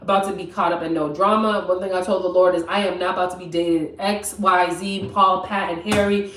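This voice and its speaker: A young woman telling a personal story on a live stream, chatty and animated, talking straight to her viewers from her kitchen. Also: on the low side, a little fast, far from the mic. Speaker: vlogger. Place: home kitchen. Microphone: camera mic at a distance. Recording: roomy, from off mic.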